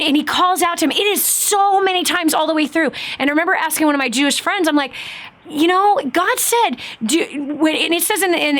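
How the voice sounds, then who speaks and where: A woman's voice: high-pitched, a bit bright. A woman hosting a faith talk show, effusive and emotional, speaking with emphatic feeling.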